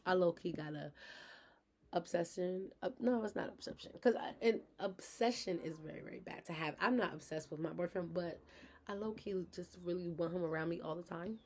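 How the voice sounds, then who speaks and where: Vlogger mom, frank and chatty, talks straight to camera; faint noise underneath. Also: female voice, fairly low pitch, brisk, a little mellow. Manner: frank, chatty, addresses viewers directly. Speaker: vlogger, mother of her kids. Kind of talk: candid personal vlog talk.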